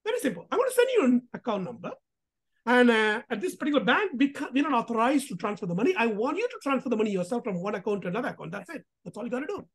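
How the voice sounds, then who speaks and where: A woman voicing a smooth, persuasive male scam caller who gives calm, reassuring instructions. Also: fairly high pitch, rapid-fire, full character voice.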